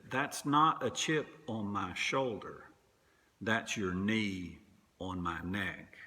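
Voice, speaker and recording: A man preaching a sermon as pastor, slow and deliberate, sometimes dropping to a whisper. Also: medium pitch, bright, forceful tone, long reverb tail. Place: church sanctuary.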